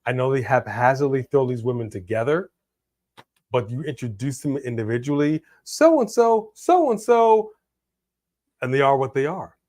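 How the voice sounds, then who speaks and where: Male co-host, casual live commentary, excitable, prone to loud outbursts. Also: medium pitch, fairly quick. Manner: excitable, bursts of loud exclamations. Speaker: co-host of a wrestling watch-along.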